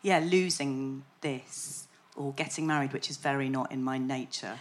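A woman comedian chatting before a live audience, animated and self-deprecating, laughing often. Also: a bass voice, normal speed.

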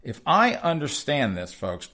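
A man's voice: medium pitch, wildly swooping pitch, a little slow, bright, forceful tone. A man hosting a sarcastic news commentary show, rambling and chuckling as he addresses his audience as folks. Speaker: host.

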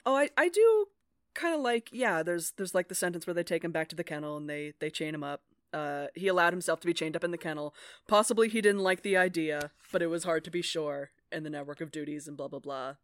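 A woman talks loosely on a podcast, laughing and swearing as she goes off on tangents. Her voice sits on the low side for a woman. The recording is dry and close, with no room sound. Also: lively intonation, quick pace, no room sound. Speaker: podcast co-host. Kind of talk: casual book club chat.

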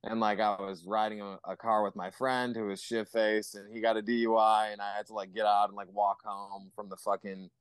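A man chatting loosely on a podcast as a guest musician, stringing his thoughts together with endless fillers and casual swearing. His voice sits low and sounds dry and close to the mic. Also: level tone, brisk, few pauses, clear, resonant tone, no echo. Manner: rambling, heavy swearing and fillers.

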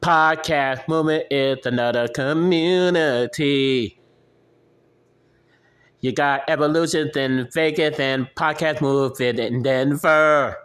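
A man's voice: on the high side, a bit bright, clean tone. A man chanting a hype phrase over and over in a loose, casual way.

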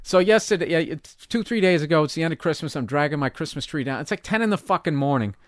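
A man, a comedian guest, telling stories in casual chat with lots of swearing and animated energy. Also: a little high, fast, dry recording, studio quality. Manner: profane, animated storytelling.

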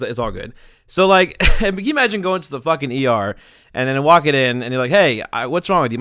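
A man's voice: on the high side, a bit bright, no echo, clean studio sound. A young man producing a podcast, wrapping up the show in a rambling, crude, joking way with lots of fillers. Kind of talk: casual podcast chat.

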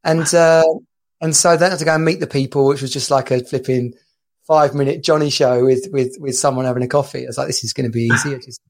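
A man on a casual podcast, telling lively anecdotes with bursts of laughter. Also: mid-range voice, fast. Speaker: podcast co-host. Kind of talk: casual chat.

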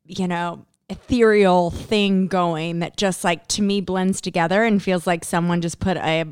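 A woman talking in a casual chat with a smooth, resonant voice on the low side. She tells stories in a chatty, animated way. The sound is close and dry. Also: measured pace, no echo. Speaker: podcast co-host.

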